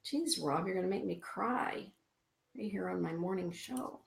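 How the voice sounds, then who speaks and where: A woman's voice: on the low side, measured pace, gravelly, roomy sound, background noise. A woman hosting a spiritual radio show, chatting with listeners and reading oracle cards aloud to them. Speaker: radio show host and card reader.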